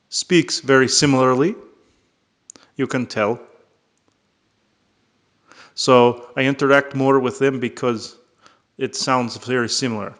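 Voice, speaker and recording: A man voicing a tall male alien trader in a halting, formal way with a faintly Russian-like accent. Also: mid-range voice, fairly bright tone, close to an everyday voice. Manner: slow, halting, formal phrasing.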